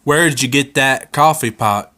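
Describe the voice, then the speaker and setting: A man's voice: medium pitch, normal speed, pushed and bright, natural voice. A man voicing a crude, hotheaded redneck husband who drawls and curses in a comedic storytime. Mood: gruff. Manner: drawling, cursing.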